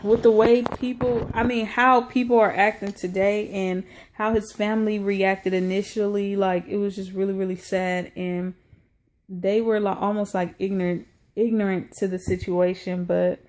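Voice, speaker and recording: A woman's voice: medium pitch, darkish tone. A woman recapping a reality show in a casual, slangy vlog, with many fillers. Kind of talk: casual chat.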